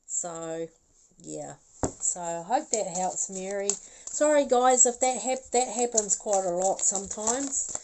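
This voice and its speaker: A woman's voice: medium pitch, lively intonation, unhurried, noisy background. A woman doing a live psychic reading as a medium. She talks in a chatty, rambling way, laughs often and keeps apologizing.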